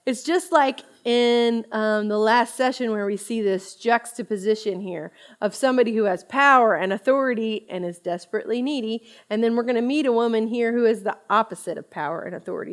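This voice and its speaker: A woman in her thirties giving a conversational Bible study talk, chatty and expressive, often laughing as she teaches. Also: mid-range voice.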